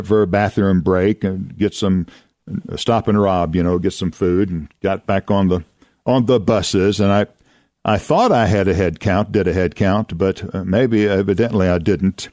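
An older man spins folksy tales as a radio host, chuckling now and then and slipping into the voices of the people in his stories. His voice sits fairly low, and the recording is close and dry with no room sound. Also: unhurried, darkish tone, no echo. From Oklahoma. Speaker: radio host and former youth minister. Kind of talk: folksy anecdotal storytelling.

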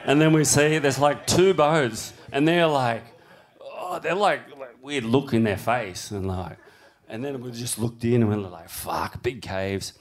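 A middle-aged man spins a story in a relaxed conversational chat, peppering it with swearing. He voices the people he quotes with a jump in energy, keeping the telling loose and lively. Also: medium pitch, measured pace. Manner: swears constantly, acts out quotes with rising animated voice. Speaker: guest big-wave surfer. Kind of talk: casual storytelling in a podcast chat.

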